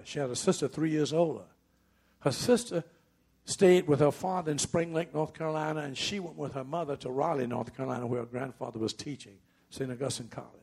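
Gravelly, husky preacher telling a story. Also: male voice, on the high side, a little mellow. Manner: conversational, drifts into voices of the people in his story. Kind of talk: sermon storytelling.

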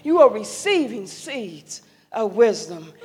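An older woman giving an impassioned, preacherly speech to young adults, rising to loud emphatic calls. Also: medium pitch, sing-song, slow, breathy edge. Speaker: speaker sharing a mother's wisdom. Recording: long echo of a large hall.

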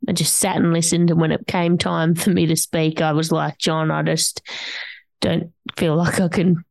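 A woman's voice: low voice, flat delivery, normal speed, gravelly, a little mellow, dry recording. A woman hosting a podcast, chatting openly and sympathetically with her guest. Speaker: podcast host. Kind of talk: casual interview chat.

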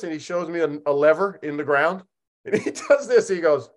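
Animated, laughing male podcast host. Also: high-pitched, moderate pace. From Oregon, United States. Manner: animated, laughing, acts out dialogue. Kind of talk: casual comedic storytelling.

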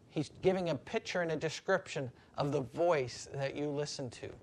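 Male pastor, sermon delivery, fairly high voice, repeats lines for emphasis, faint background hiss. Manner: repetitive preaching cadence, slows for emphasis.

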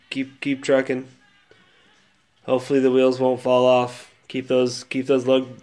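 A man's voice: medium pitch, a little mellow, smooth. A man hosting his own show, rambling casually with lots of fillers and restarts, sounding sad and subdued. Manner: rambling, laid-back with many fillers and restarts. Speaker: podcast host. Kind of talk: casual solo monologue.

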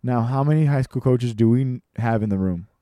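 A man's voice: medium pitch, fairly quick, mellow, dry recording, studio quality, natural voice. A man voicing an irascible 78-year-old baseball coach who barks questions at a crowd of coaches. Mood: gruff lecturing. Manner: barking, bellowing questions at a crowd.

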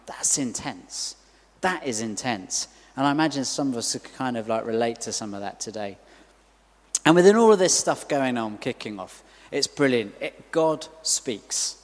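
A man's voice: mid-range voice, big-room sound. A middle-aged man preaching a sermon in a chatty way, full of asides and rhetorical questions.

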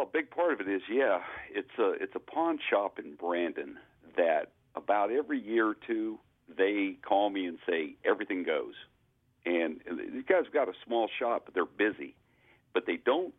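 Deep-voiced man on a tinny phone line. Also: animated. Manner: laid-back, halting, repeats words. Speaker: caller, auctioneer. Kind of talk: phone-in chat.

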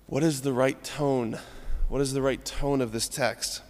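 Chatty priest in an echoing church. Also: male voice, mid-range voice, steady tone, unhurried. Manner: chatty and informal, often checking in with "right?"; acts out scripture lines in different tones. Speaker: Catholic priest. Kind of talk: conversational homily at morning mass.

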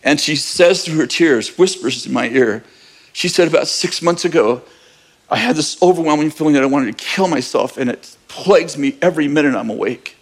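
Conversational pastor telling a story. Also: male voice, a little high, a little fast. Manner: conversational, candid, with bursts of laughter. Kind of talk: sermon storytelling.

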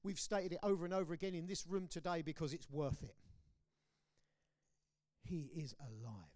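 A man with a British accent preaching a sermon, swinging between loud declarations and hushed, low lines. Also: normal speed, pauses often. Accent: British English. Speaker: pastor. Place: church hall.

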